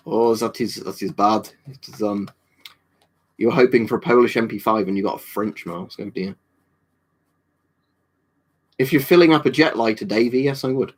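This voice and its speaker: A man's voice: on the low side, moderate pace, pauses often. A man hosting a casual livestream, chatting loosely with his viewers. He rambles from point to point, swears freely and drops jokey asides as he answers comments. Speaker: livestream host.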